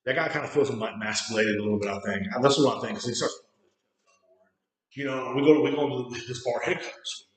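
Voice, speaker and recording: A man's voice: mid-range voice, a little fast. Man telling a profane story in an echoey room. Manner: profane, rambling anecdote with acted quotes. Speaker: podcast host. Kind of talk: casual storytelling.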